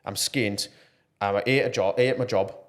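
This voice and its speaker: A man with a fairly low voice, speaking as a guest on a podcast. He talks with earnest passion in a loose, conversational way, often pausing on fillers. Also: fairly even intonation. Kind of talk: casual podcast interview.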